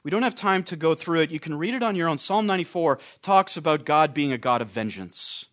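High-voiced man preaching an earnest sermon. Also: animated, a little fast, a bit bright. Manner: earnest, emphatic, with frequent restarts. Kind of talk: expository sermon.

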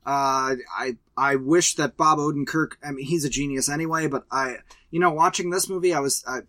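A man's voice: fairly high pitch, steady tone, moderate pace, pushed and bright, dry recording. A man co-hosting a casual movie review chat, blunt and profane, ranting emphatically about films he loves and hates. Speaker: podcast co-host.

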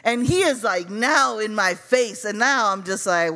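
A woman from Chicago telling a personal story live, animated and profane, calling her listeners y'all. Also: mid-range voice, a little slow, hardly any pauses.

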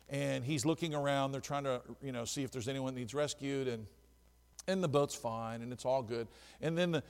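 A man preaching a sermon as pastor, swinging from hushed asides to shouted lines. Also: on the high side. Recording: church hall with long reverb.

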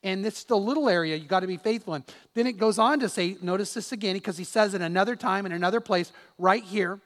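Emphatic high-voiced pastor preaching. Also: male voice, fast talker, a bit bright, long reverb tail. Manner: emphatic, rhetorical questions to the congregation. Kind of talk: sermon.

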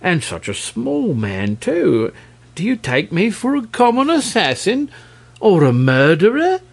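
A man putting on a prim gentleman dragon. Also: a little high, huge pitch swings, normal speed, creaky, pitched above the performer's own voice, full character voice. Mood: indignant. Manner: prim, reproachful, pompously polite. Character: proud fussy old-fashioned gentleman dragon, male.

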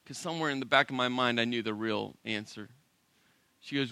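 A man's voice: mid-range voice, brisk, bright, forceful tone, clear, resonant tone, dry recording. A middle-aged man, a pastor, telling a humorous story in a sermon and acting out both sides of the conversation with self-deprecating humor.

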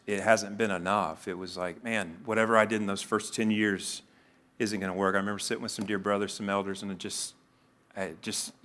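Middle-aged male pastor, lowish voice, earnest conversational sermon delivery. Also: a bit bright. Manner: earnest, conversational preaching with spoken prayers.

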